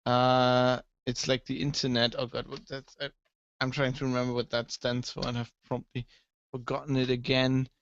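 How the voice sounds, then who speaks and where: A man co-hosting a casual tech podcast, an animated storyteller who swears and acts out the people he quotes. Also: mid-range voice, moderate pace. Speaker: podcast co-host. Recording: dull, dry lo-fi sound.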